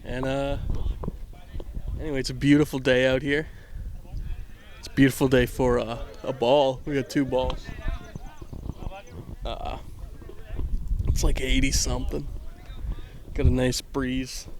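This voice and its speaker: A man with a gravelly, mid-pitched voice calls a baseball game from an outdoor field on a handheld mic. His commentary is loose and jokey, and he pokes fun at himself. He sometimes drops to a near-hush. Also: level tone, unhurried, long pauses, slight background noise. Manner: self-deprecating, rambling, drops to a hush at times. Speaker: play-by-play commentator. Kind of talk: casual joking sports commentary. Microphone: handheld microphone with earbuds.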